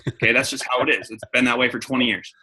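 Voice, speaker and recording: A man's voice: mid-range voice, fairly even intonation, quick pace, sharp tone, slightly rough, poor audio. A man giving a coaching talk to his sales team, repeating key points and acting out phone calls. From San Diego. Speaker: network marketing trainer.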